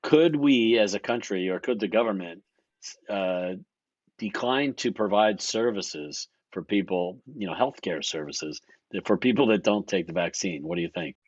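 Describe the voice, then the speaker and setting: A man's voice: deep voice, animated, normal speed, no room sound, highs cut off. A man speaking as a panelist, hesitant and stumbling over his words. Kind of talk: casual panel chat.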